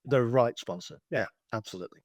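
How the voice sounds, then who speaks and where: A middle-aged man walks through a business presentation like a consultant, explaining patiently and slipping into anecdotes, often restarting his phrases. His voice sits at an ordinary male pitch. The sound is dry and close, with no room around it. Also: fairly quick, no echo. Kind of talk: slide-based business presentation.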